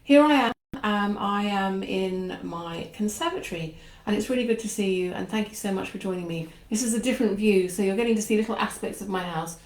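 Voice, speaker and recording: A woman's voice: medium pitch, brisk. Chatty woman in an echoey conservatory. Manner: chatty and meandering, with frequent asides. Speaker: channel host. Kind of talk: casual talk before a book reading. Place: home conservatory.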